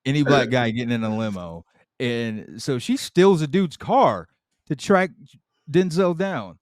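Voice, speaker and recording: A man co-hosting a casual podcast, his pitch rising and falling with a lot of movement. He sounds close and dry on the mic, with no room around him. He mostly backs up his partner with short agreements, then jumps in with playful bits of the recap. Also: measured pace, no room sound. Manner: relaxed, short agreeing replies, playful asides. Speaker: podcast co-host.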